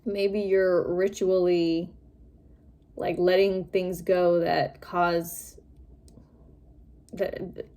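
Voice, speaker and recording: A woman's voice: lowish voice, dark tone. A woman doing a tarot reading for her viewers, chatty and musing, often breaking into giggles. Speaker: tarot reader.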